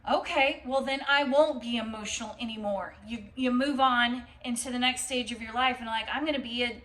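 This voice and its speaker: A woman's voice: fairly high pitch, fairly even intonation, normal speed, fairly bright tone, roomy sound, far from the mic, rough recording. A woman giving a casual, rambling tarot reading, with swearing and laughter mixed in. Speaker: tarot reader.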